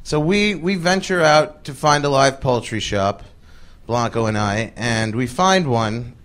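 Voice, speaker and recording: A man's voice: medium pitch, animated, measured pace, a bit bright. A male comedian telling a story on stage in a chatty way, full of fillers and laughs, before a live audience. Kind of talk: stand-up storytelling. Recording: live recording with audience noise.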